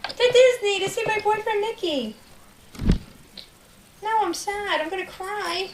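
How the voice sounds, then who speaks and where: A woman voicing a bossy, lovestruck female pig diva during toy play, loud and melodramatic. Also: very high-pitched, measured pace, roomy sound, background noise, pitched above the performer's own voice. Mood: jealous. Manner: shouty, indignant and melodramatic.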